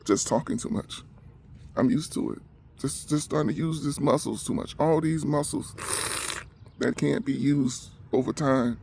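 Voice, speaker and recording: Man, emotional rant, gravelly, short of breath, faint background hiss. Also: medium pitch, moderate pace, warm tone. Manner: agitated, repetitive, heated. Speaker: vlogger.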